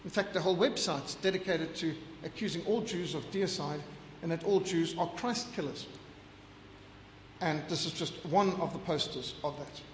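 A man with a fairly high voice delivers an impassioned lecture over slides, firing off rhetorical question after rhetorical question and stacking emphatic lists. His voice rings through a roomy hall with a long reverb tail, and a faint hum of ambience sits underneath. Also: normal speed.

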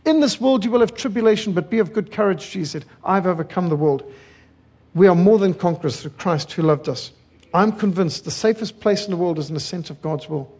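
A man's voice: high voice, brisk, a little mellow, breathy edge, lo-fi sound. A middle-aged man from South Africa preaching a sermon, fiery and emphatic, building rhythmic lists of words.

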